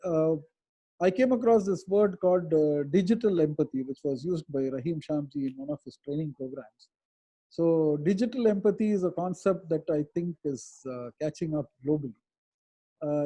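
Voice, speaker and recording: High-voiced man explaining. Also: warm tone. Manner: thoughtful, explanatory, with hesitant pauses. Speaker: advocate answering webinar questions. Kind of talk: webinar talk, answering questions.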